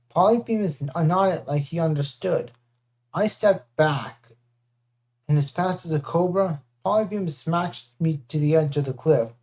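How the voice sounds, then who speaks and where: Mellow-voiced first-person audiobook narrator. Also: medium pitch, moderate pace. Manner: lively, with character voices.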